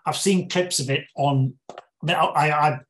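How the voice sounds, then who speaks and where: A man from the UK with a British accent, a guest reviewing a film in a casual interview, speaking in a measured, explanatory way. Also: on the high side, a bit bright. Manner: measured, explanatory, plain-spoken.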